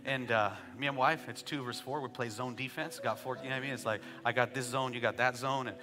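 A man in his thirties preaching a sermon as pastor, telling joking family stories and building to shouted calls for praise. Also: medium pitch, fairly even intonation, fast talker, in a large hall, over music. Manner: joking asides, conversational storytelling.

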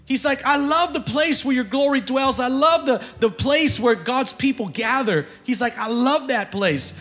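High-voiced fired-up preacher. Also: male voice, moderate pace. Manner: energetic preaching, bursts of shouting, call-and-response. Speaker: pastor. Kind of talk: sermon. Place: church sanctuary.

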